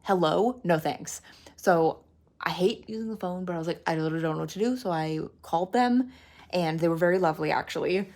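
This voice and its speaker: A young woman, telling a travel story in a casual vlog, animated and exasperated, filled with "like". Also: fairly low pitch, fast. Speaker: artist vlogger.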